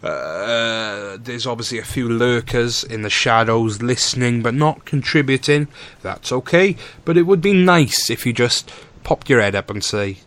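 A man's voice: medium pitch, lively intonation, a little slow, hardly any pauses, a bit bright. A man hosting a casual radio chat show, teasing his guest and reading out facts in a joking manner. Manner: jokey, teasing, reads facts aloud.

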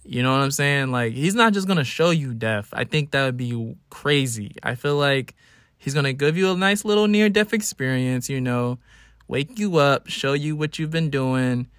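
A man's voice: mid-range voice, animated, normal speed, a bit bright, clean tone, no room sound, clean studio sound. A man in his early twenties hosting a casual solo podcast, telling stories with animation and acting out his own whining. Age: 20s. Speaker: podcast host.

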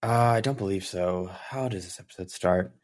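Laid-back low-voiced man, casual chat. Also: normal speed. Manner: laid-back, laughs easily, brief replies. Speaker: podcast co-host. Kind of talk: casual fan podcast chat.

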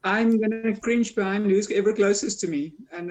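A woman's voice: medium pitch, fairly even intonation, normal speed, few pauses, a little mellow. A woman playing a tabletop game, casually describing her character's actions. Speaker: player.

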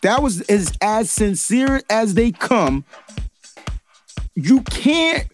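A man hosting a casual sports talk show, talking in an animated, emphatic way and repeating his points. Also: sits high, drawn-out words, faint music behind.

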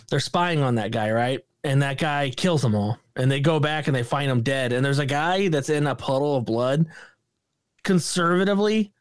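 A man's voice: mid-range voice, smooth, dry recording, clean studio sound. A man co-hosting a podcast, casually reviewing a movie with sarcastic remarks and silly impressions of its characters. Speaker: podcast co-host.

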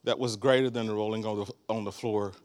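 A man in his sixties preaching a sermon as a guest, animated, breaking into laughter and shouts. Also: lowish voice, fast.

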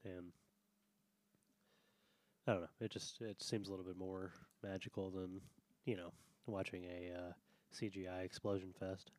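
Male podcast co-host, low voice, halting casual delivery. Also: flat delivery, darkish tone. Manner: halting, restarts sentences often. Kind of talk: casual chat.

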